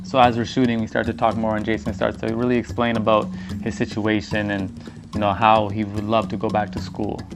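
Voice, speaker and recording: A man's voice: lowish voice, completely flat delivery, a little fast, over music. A man narrating a personal story in a casual, slangy way, acting out bits of dialogue as he goes.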